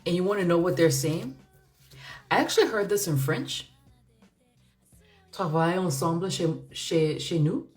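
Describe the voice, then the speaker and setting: Low-voiced chatty woman reading tarot. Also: a little slow, pauses often, a little mellow, soft background music. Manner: chatty, musing, laughs often, many fillers. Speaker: tarot reader. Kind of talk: casual tarot reading monologue.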